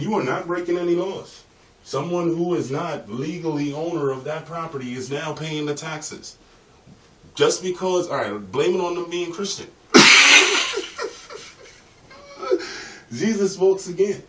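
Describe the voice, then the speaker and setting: A man's voice: on the high side, a little mellow. A man delivering a rambling, profane vlog monologue in a streetwise way. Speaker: vlogger. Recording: roomy echo, distant mic, faint ambient noise.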